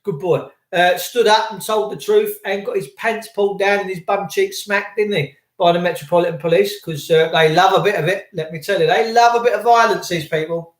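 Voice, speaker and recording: A man's voice: high-pitched, steady tone, brisk, hardly any pauses, reverberant. A man hosting a livestream, ranting sarcastically and mockingly as he reads out viewer comments. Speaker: livestream host.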